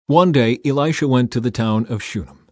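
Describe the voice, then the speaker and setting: A man narrating a scripture story in a measured, deliberate reading style. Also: mid-range voice, darkish tone, no room sound, studio quality.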